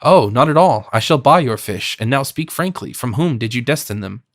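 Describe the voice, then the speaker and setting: A man reading a shrewd, calm army general. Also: mid-range voice, normal speed, no room sound, studio quality. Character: shrewd, calm English general questioning a prisoner.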